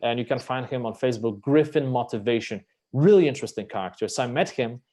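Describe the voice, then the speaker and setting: A man telling stories as a guest on a live stream, animated and emphatic, swearing freely as he talks. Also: medium pitch, fast. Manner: animated, emphatic storyteller who swears casually. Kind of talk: live-stream conversation, storytelling.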